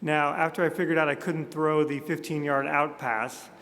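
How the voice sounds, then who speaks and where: A man's voice: on the high side, little pitch movement, normal speed, a bit bright. A man from Montana in his thirties giving a humorous, self-deprecating keynote speech at a conference. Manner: self-deprecating storyteller, jokey asides. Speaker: speaker at a conference. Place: large conference hall. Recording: echoey hall with long reverb.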